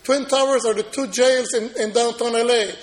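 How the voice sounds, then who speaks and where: A man preaching a sermon, telling personal stories and moving from loud proclaiming to quiet, low-key telling. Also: steady tone, moderate pace, low-quality recording. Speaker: pastor.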